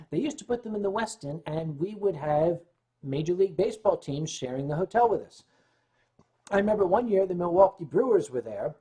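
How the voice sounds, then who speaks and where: A man hosting a relaxed livestream spins a rambling anecdote, pausing often to clear his throat. His voice is husky and a little rough around the edges. He sounds slightly tipsy and fully at ease. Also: fairly high pitch. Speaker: livestream host. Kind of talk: storytelling on a casual livestream.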